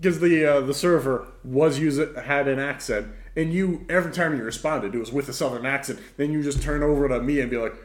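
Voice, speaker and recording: A man's voice: medium pitch, brisk, few pauses. A man co-hosting a casual podcast, telling stories in an amused way. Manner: amused, storytelling. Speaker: podcast co-host. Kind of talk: casual chat. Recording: echoey room.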